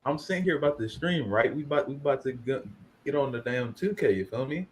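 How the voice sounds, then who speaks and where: Brief: male podcast co-host, casual banter, lively pitch, faint background hiss. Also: fast. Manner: animated, slangy storytelling. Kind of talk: casual chat.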